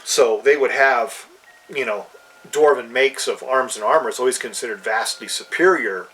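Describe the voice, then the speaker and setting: A man talks in a loose, meandering way, full of "you know" and restarts. His voice is mid-pitched and sounds a little distant from the microphone. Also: normal speed, a bit bright. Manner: rambling, many fillers and restarts. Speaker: podcast co-host. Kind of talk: casual chat about fantasy games.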